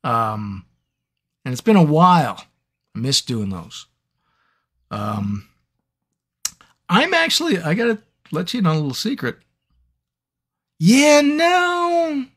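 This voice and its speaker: A man's voice: fairly high pitch, measured pace, pauses often, breathy edge. A man who narrates audiobooks, chatting playfully with fans in a live Q&A stream and telling stories. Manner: animated, playful storyteller. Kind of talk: live fan Q&A chat.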